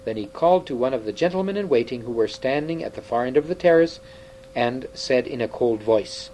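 A man narrating a children's story aloud in a lively, expressive manner. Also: mid-range voice, brisk, a little hiss or hum, poor audio.

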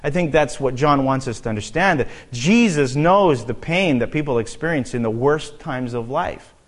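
A man teaching a Bible passage verse by verse, reading the text and then explaining it in a relaxed, conversational way with asides and fillers. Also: mid-range voice, normal speed. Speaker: preacher.

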